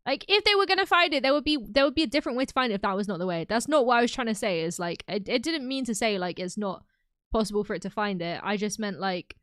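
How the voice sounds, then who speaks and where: A chatty young woman talking to her viewers on a stream, her voice on the higher side. She rambles in a loose, giggly way, full of little fillers. The sound is close and dry, with no room around it. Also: expressive, fast, a bit bright, no room sound. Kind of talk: casual chat with live chat.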